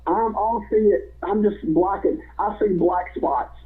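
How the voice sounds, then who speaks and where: A man's voice: high-pitched, a little slow. A man, a former wrestler and guest, telling rambling stories and laughing often, over a phone line. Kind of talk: casual storytelling.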